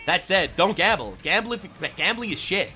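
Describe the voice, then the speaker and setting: Animated high-voiced male streamer. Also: moderate pace, a little hiss or hum. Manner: joking, rambling and animated, drops into mock voices. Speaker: streamer reacting to a video. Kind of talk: casual live-stream commentary.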